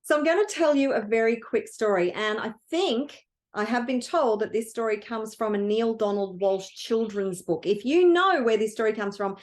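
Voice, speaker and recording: High-voiced woman giving a motivational talk. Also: moderate pace. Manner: earnest and emotional. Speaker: wealth coach.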